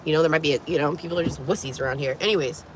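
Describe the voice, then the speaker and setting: A woman vlogger telling a story to camera in an animated, profane way, laughing and coughing often. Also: deep voice, very fast, noisy background.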